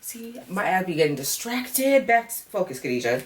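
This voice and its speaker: A woman's voice: medium pitch, big pitch swings, moderate pace, recorded from a distance. A young woman recapping a reality dating show in a casual vlog, blunt and sassy, swearing freely and ending her points with "okay?" and "girl".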